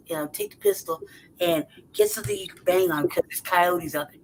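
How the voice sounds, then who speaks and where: With a crowd audible behind her and rough audio quality, a woman co-hosting a podcast spins a story in profane, casual talk. Raised in the city, she sounds animated, laughs often, and imitates what others said. Her voice sits on the low side at a normal speed.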